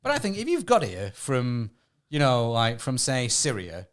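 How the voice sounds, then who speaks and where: A man's voice: medium pitch, huge pitch swings, moderate pace. A man, comedian and barrister, chatting as a podcast guest, hedging with frequent restarts and chuckles. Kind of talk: casual comedic chat.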